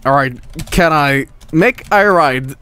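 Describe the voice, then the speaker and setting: Excitable high-voiced male streamer. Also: takes it slowly, noisy background. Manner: excitable, frequent laughter and swearing. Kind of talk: casual game stream commentary.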